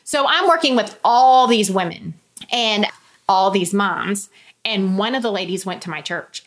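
A woman's voice: medium pitch, normal speed. A woman, telling a personal story as an interview guest in a candid, chatty way with many quoted asides. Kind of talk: personal testimony in casual conversation.

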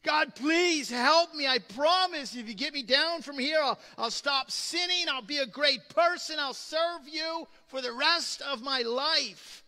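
A man voicing a desperate man dangling from a cliff, shouting and pleading for help, in a reverberant hall. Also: very high voice, big pitch swings, slow, hardly any pauses, pitched above the performer's own voice, full character voice.

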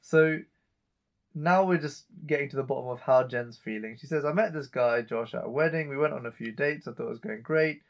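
A man's voice: mid-range voice, fairly quick, muffled recording. A man co-hosting a chat show, casually retelling a TV episode scene by scene and reading out the characters' lines. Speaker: podcast co-host recapping an episode.

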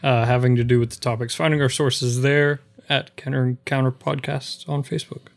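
A man's voice: medium pitch, flat delivery, fairly quick, creaky. A man co-hosting a podcast, casually pointing listeners to the show's pages. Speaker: podcast co-host.

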